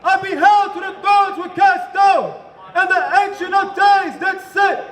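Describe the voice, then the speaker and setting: A man reading scripture aloud to a crowd in a loud, declaiming voice. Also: extremely high pitch, steady tone, unhurried. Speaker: scripture reader. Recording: echoey and roomy, crowd behind.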